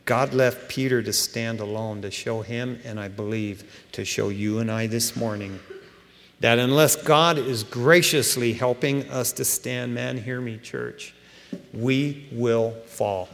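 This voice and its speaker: A man preaching a sermon to his church, animated and conversational, acting out scripture scenes in everyday slang. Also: mid-range voice, a little slow, vocal fry. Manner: animated preaching, acts out biblical dialogue in casual slang. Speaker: pastor. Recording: long reverb of a large room.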